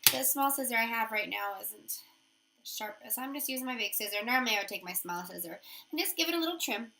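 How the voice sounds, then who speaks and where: A woman's voice: fairly high pitch, lively intonation, a little fast, gravelly, pushed and bright. A woman giving a chatty, upbeat how-to demonstration of nail wraps, talking her steps through as she works. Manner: chatty, upbeat, thinks aloud while working.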